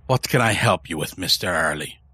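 A man's voice: sits low, lively intonation, fairly quick, sharp tone, slightly rough, pitched below the performer's own voice, exaggerated voice. A man voicing a thin, grumpy older priest who speaks in a chilly, skeptical, grousing tone.

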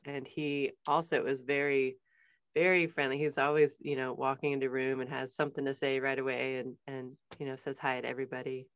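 A woman interviewing a guest, gentle and responsive, sharing a bit of her own family. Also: a bass voice, no room sound. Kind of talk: interview conversation.

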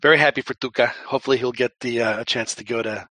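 A man's voice: medium pitch, fairly even intonation, fast, bright, forceful tone, no echo. A man hosting a casual podcast chat, rambling with many restarts. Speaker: podcast host.

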